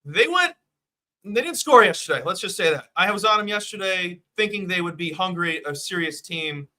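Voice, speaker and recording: A man hosting a sports betting show, talking in a hyped, jokey, fast-riffing way. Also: high-pitched, animated, bright, forceful tone. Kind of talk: casual sports betting chat.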